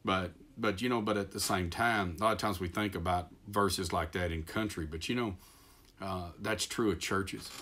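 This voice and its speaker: A man with a deep, low-pitched voice and a Texas accent delivers a sermon in a folksy, rambling way. He pokes fun at himself and circles back to his point with plenty of ums and restarts. He sounds middle-aged. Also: fairly even intonation, moderate pace, pushed and bright. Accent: Texan. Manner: folksy, self-deprecating, rambling with many fillers and restarts. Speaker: pastor.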